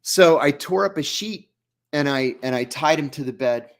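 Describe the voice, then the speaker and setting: A man's voice: a little high, lively intonation, normal speed. A man, an interview guest, telling a story in vivid first person and acting out the dialogue.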